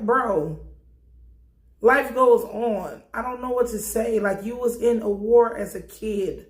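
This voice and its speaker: A fairly high-voiced woman talks through a TV episode in a loose, profane recap, jumping into the characters' voices as she goes. Her speech is animated and blunt. The room around her rings with a noticeable echo. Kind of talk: casual recap commentary.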